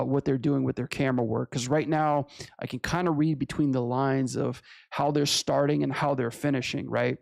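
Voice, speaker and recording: Gravelly, laid-back streamer guy. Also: medium pitch, no echo, studio quality. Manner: relaxed, slangy, chats with viewers. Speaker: animator and streamer. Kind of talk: casual livestream chat.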